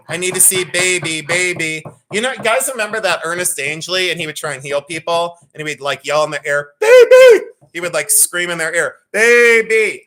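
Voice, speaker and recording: Bright-voiced chatty woman hosting a livestream. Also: lowish voice. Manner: chatty, self-mocking, playful. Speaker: livestream jewelry sale host. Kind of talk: casual livestream chat.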